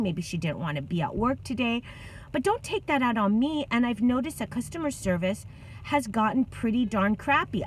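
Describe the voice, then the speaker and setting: Animated woman telling a story. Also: medium pitch, rough recording. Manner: animated, venting, lots of fillers. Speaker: vlogger. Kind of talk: casual storytelling to camera.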